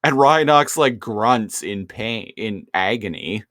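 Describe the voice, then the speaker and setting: A man's voice: fairly low pitch, animated, slow pace, a bit bright, no echo, studio quality. A man co-hosting a podcast, animatedly retelling scenes with lots of fillers and swearing. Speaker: podcast co-host. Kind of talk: casual chat retelling a cartoon episode.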